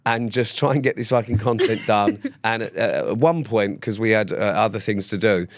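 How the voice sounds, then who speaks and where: A man's voice: fairly low pitch, moderate pace, no room sound. A man co-hosting a podcast, telling stories in a dry, exasperated tone and swearing often. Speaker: podcast co-host. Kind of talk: casual chat.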